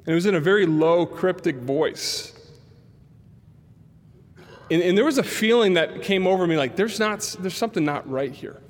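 A man's voice: high-pitched, normal speed. A man preaching a sermon as a pastor, telling stories and acting out the voices in them. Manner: animated storyteller acting out quotes. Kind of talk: sermon storytelling. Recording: long hall reverb.

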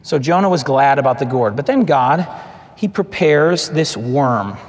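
A man in his thirties preaching a sermon, animated and acting out the lines he quotes. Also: mid-range voice, a little slow. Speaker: pastor. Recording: long hall reverb.

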